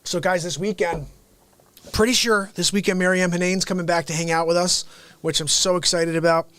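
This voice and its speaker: A man hosting a livestream, riffing comedically and swinging between loud shouts and hushed whispers. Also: sits high, fairly even intonation, fairly quick, smooth, no room sound. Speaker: livestream host. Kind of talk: rambling comedic riff.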